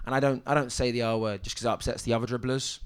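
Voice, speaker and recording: A young man doing a stand-up set on a comedy club stage, halting and deadpan, with many ums and restarts. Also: medium pitch, noisy background.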